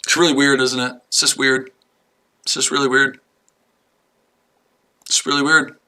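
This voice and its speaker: A male livestream host talks straight to his chat viewers, combative and full of swearing. His voice is very bright and cutting, and he circles back over the same lines again and again. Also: medium pitch, level tone, a little slow. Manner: combative, profane, repeats himself.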